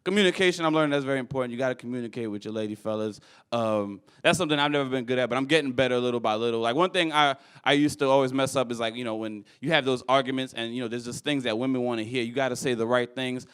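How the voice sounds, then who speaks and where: A young man performing a stand-up comedy set on stage, animated and acting out people with loud high voices. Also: very fast, few pauses, clear, resonant tone. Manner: animated, acts out characters with shouted high voices. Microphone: handheld stage mic.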